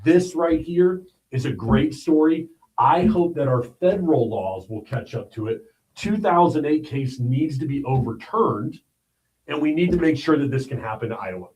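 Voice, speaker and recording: A man's voice: a little high, expressive, moderate pace, darkish tone, low-quality recording. Blunt, emphatic male news commentator. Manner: blunt and emphatic, with repeated "all right?" asides. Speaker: livestream host.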